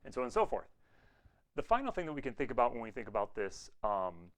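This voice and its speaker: A man's voice: mid-range voice, big pitch swings, fast talker, rough recording. A man giving an online music lesson on swing, explaining patiently and scatting rhythm syllables to demonstrate. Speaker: music teacher.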